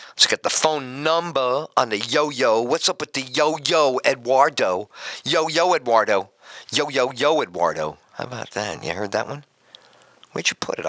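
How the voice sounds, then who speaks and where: A middle-aged man hosting live talk radio, loose and jokey, rambling from one thought to the next and poking fun at himself. His voice is very bright and cutting, swinging widely up and down. It sits close and dry on the mic. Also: medium pitch, no echo. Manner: loud, joking, self-mocking, talks to studio crew. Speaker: radio talk show host.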